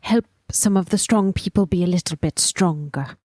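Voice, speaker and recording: A woman playing a tabletop game, gentle, sweet and a little hesitant. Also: lowish voice, moderate pace, no room sound, clean studio sound. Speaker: player. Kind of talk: casual tabletop play.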